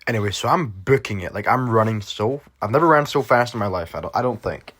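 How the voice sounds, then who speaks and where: A man's voice: mid-range voice, expressive, brisk, fairly bright tone. A young man telling a storytime vlog in a casual, rambling way, full of fillers and swearing. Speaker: vlogger.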